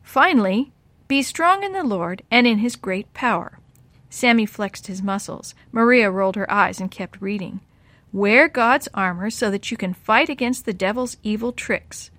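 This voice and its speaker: A woman reading a chapter book aloud to children, giving the kids' lines lively voices. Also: mid-range voice, moderate pace, no echo. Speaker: storyteller for children.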